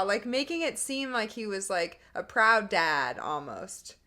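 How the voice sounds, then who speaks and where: A woman's voice: medium pitch, big pitch swings, sharp tone. A young woman co-hosting a podcast in casual chat, recounting events with frequent laughter and quoted dialogue. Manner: laughs often, quick, storytelling, quotes others. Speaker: podcast co-host.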